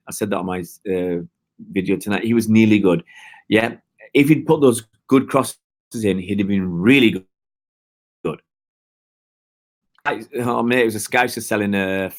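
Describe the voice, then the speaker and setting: A middle-aged man from Oldham, hosting a live football fan stream, rambling and reading out viewer comments. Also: medium pitch. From Oldham, England. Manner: rambling, reads out viewer comments, many restarts. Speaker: fan channel host. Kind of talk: live stream chat with fans.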